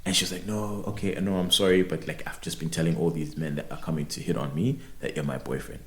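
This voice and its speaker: A man co-hosting a podcast, telling a story in a casual, animated way and laughing often. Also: low voice, quick pace. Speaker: podcast co-host. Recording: roomy echo.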